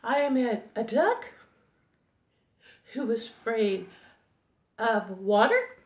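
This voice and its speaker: A woman voicing a timid young turtle in a children's story, speaking politely and softly. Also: fairly high pitch, big pitch swings, extremely slow, heavily acted. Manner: polite and hushed. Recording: echoey room.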